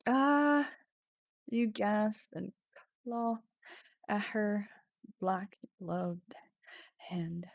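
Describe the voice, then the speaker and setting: A woman's voice: medium pitch, animated, drawn-out words, gravelly, pauses often, no echo, studio quality. A woman streaming a text adventure game, reading the story aloud with casual swearing and sudden drops into whispers.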